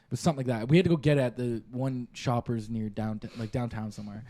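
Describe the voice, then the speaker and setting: A young man co-hosting a podcast, telling animated stories with laughs and swearing in casual chat. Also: medium pitch, quick pace. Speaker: podcast co-host.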